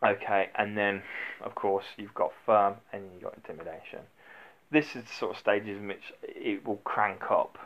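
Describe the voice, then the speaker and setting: A man's voice: lowish voice, moderate pace, muffled recording. A middle-aged former doorman giving blunt, rambling advice in a casual vlog, full of fillers and restarts. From United Kingdom.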